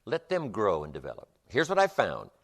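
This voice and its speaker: A man's voice: lowish voice, wildly swooping pitch, moderate pace, a bit bright. A man giving a motivational seminar lecture with an emphatic, repetitive rhythm. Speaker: motivational speaker.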